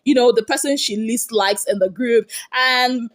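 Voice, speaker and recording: A woman with a Nigerian accent recapping reality-show gossip in an animated, chatty way, with many rhetorical questions. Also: a little high, measured pace. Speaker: entertainment gossip vlogger.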